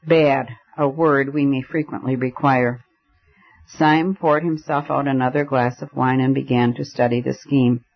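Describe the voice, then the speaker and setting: Man narrating an audiobook, lo-fi sound. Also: mid-range voice. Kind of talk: scripted narration. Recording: dull lo-fi recording.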